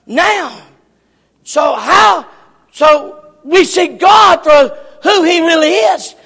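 A man preaching a sermon, often shouting and repeating words for emphasis. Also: very high-pitched, vocal fry. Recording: long hall reverb.

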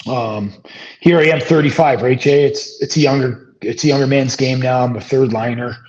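A middle-aged man, a former hockey player, telling stories as an interview guest, relaxed and rambling with many fillers and restarts. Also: medium pitch, normal speed. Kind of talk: casual storytelling interview. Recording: dull lo-fi audio.

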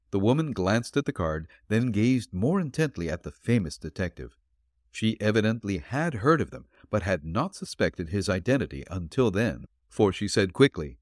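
Man, audiobook narration, low voice, lively intonation, dry close recording. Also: normal speed, no room sound. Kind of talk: scripted narration of a detective story.

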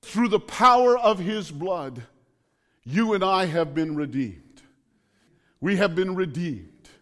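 A man's voice: sits high, expressive, takes it slowly, fairly bright tone, in a large hall. A middle-aged man preaching a sermon, building fervent repeated declarations.

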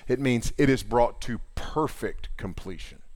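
A man's voice: mid-range voice, measured pace, a little mellow, no echo, clean studio sound. A middle-aged man preaching a sermon in a casual, earnest way, retelling scripture in everyday talk. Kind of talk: conversational sermon.

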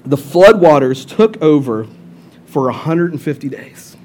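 A young adult man giving a casual, humorous sermon as lead pastor, retelling the story with lively asides. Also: unhurried, slight background noise. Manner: animated storyteller who jumps into high-pitched voices for characters.

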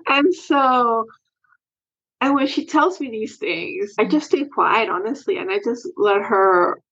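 A woman's voice: a little high, lively intonation, slow, a bit bright, lo-fi sound. A woman guest talking earnestly and emotionally about her experience as a sports parent in a candid interview.

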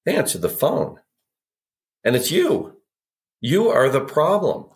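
On a podcast, a man with a slightly high voice talks slowly as a sales expert. He's an animated storyteller, sharing anecdotes and energetically acting out the dialogue he quotes.

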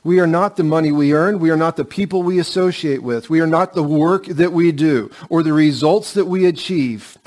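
Preaching with earnest emphasis, this middle-aged pastor has a voice on the high side. He slows down on key lines, dropping almost to a hush.

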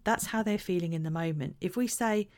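A woman giving earnest parenting advice, acting out example phrases in a gentle way. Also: fairly low pitch, a little fast. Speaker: parenting educator. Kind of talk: talking-head advice talk.

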